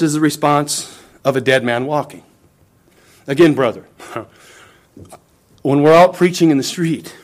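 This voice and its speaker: A man with a high voice preaches a sermon. He leans hard on his points and acts out the scripture he quotes with drama. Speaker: pastor.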